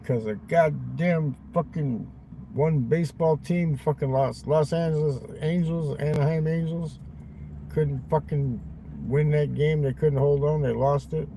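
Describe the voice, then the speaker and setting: A man with a slightly high but mellow voice rambles on a live stream from his parked car at night, crude and full of swearing. Faint hiss and passing vehicles sit behind him. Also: fairly even intonation, measured pace, creaky, low-quality recording.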